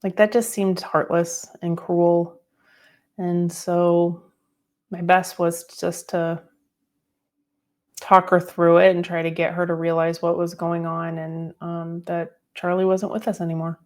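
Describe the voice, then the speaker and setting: A middle-aged woman hosting a podcast, telling a personal story in a reflective, unhurried way with many fillers. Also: fairly low pitch, flat delivery, a little mellow. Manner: reflective, tearful at times, with fillers. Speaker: podcast host.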